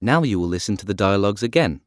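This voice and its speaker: A man announcing a recorded listening test in a clear, measured way. His pitch moves in a lively way. The sound is dry and close. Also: no echo. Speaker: test announcer and dialogue actor. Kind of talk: scripted exam narration.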